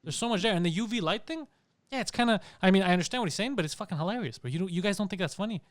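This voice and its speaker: A man's voice: high voice, expressive, rapid-fire, no echo, studio quality. A man co-hosting a comedy podcast, ranting in casual, profane banter. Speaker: podcast co-host.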